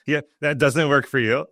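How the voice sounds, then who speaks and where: A man's voice: on the high side, a bit bright, no echo, studio quality. A man hosting a podcast interview, chatting casually and encouraging his guest. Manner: encouraging, laughs easily. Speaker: podcast host.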